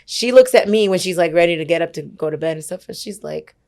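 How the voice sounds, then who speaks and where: This young worship leader, in her twenties, talks fast in a fairly low voice as a guest on a podcast. She recounts a personal story in an animated, chatty way, performing other people's lines and leaning heavily on fillers such as "like" and "whatever".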